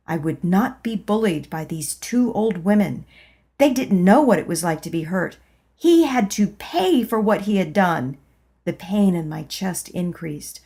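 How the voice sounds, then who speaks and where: A woman narrating a spiritual memoir as an audiobook, in a calm, measured reading voice. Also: fairly low pitch, husky. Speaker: audiobook reader.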